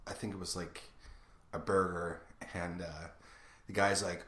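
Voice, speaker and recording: A man's voice: low voice, wildly swooping pitch, normal speed, sharp tone. A young man co-hosting a casual podcast, telling rambling stories full of filler words. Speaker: podcast co-host. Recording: roomy echo.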